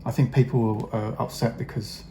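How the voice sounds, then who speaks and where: A man's voice: mid-range voice, flat delivery, normal speed, dark tone, a little hiss or hum. A middle-aged man chatting casually while he paints miniatures, rambling with many fillers, wry asides and the odd swear word. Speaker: hobby vlogger painting miniatures.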